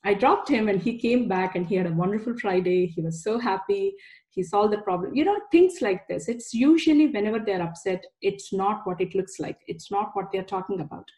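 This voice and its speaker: A woman's voice: mid-range voice, fairly quick, darkish tone. A woman in her forties giving a chatty, anecdote-filled parenting talk, with frequent laughs. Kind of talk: casual presentation talk.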